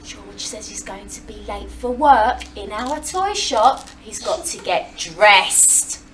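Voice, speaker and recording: A woman teacher gently coaxing young children to blend sounds in a classroom, heard from a distance. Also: medium pitch, animated, slow, noisy background. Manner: gentle, encouraging, sounds out words. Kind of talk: phonics lesson with young children.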